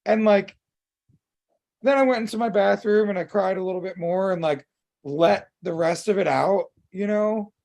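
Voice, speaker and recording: A man co-hosting a podcast, talking openly and emotionally in casual chat, swearing freely and filling pauses with "um" and "like.". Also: sits high, creaky, darkish tone. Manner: open and emotional, swears freely, many fillers. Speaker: podcast co-host.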